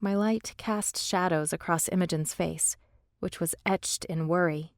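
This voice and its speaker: A woman narrating a fantasy audiobook in the first person, steady and measured, on a close studio mic. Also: lowish voice, dry recording.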